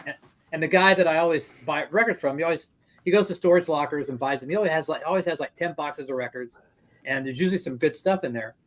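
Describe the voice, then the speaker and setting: Fast-talking high-voiced male host. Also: poor audio. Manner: rambling, restarts often, swears freely. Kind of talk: casual chat, storytelling.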